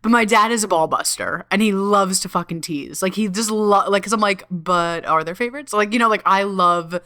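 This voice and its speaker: A woman's voice: mid-range voice, a little fast, sharp tone. A woman hosting a podcast in a casual solo talk, bubbly and giggly, swearing freely and filling her speech with likes and ums. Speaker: podcast host.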